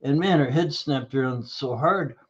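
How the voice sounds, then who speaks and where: Male podcast guest, storyteller, mid pitch, slightly dull recording. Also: normal speed, slightly rough. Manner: animated storyteller acting out dialogue. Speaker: guest, nutrition practitioner. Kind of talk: storytelling interview answer.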